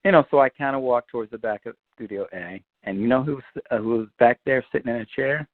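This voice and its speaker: A man, a guitarist, telling an animated, profane story and acting out the other people's voices. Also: medium pitch, fast talker, dry recording, phone-quality sound. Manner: lively, swears freely, acts out quoted voices.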